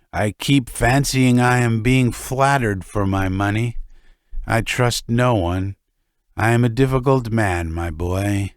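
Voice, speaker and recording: A man's voice: mid-range voice, no echo, clean studio sound, close to an everyday voice. A man voicing a drunk, distrustful rich manufacturer who rambles with chuckles and stammered repeats.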